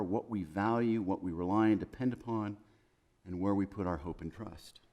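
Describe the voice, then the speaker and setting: A man preaching a sermon as pastor in a chapel, building through emphatic lists and dropping to soft, hushed quotes. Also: fairly low pitch.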